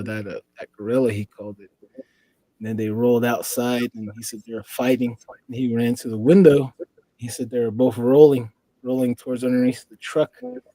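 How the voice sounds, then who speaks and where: Mellow rambling storyteller man. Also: medium pitch, dry recording, low-quality recording. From US Four Corners region. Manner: rambling, leans on "you know". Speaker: podcast guest. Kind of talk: casual storytelling.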